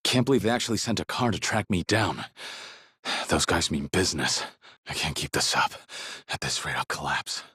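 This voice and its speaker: A voice actor plays a gruff but kind middle-aged ex-yakuza from a video game, his very deep, exaggerated voice still shifting expressively in pitch. He speaks plainly, steadily, and low-key at a moderate pace, with a tense mood. The studio booth recording is close, dry, and echo-free.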